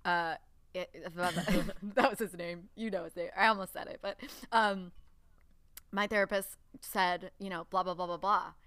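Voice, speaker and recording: A woman's voice: on the low side, steady tone, unhurried, a bit bright, clean tone, no echo. A young woman co-hosting a podcast, chatting candidly and swearing freely, often laughing. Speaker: podcast co-host. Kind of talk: casual chat.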